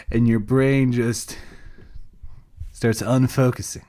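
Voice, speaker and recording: A man's voice: mid-range voice, steady tone, drawn-out words, mellow. A sleep-deprived man co-hosting a podcast by himself, rambling casually, losing his thread and laughing at himself. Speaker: podcast co-host.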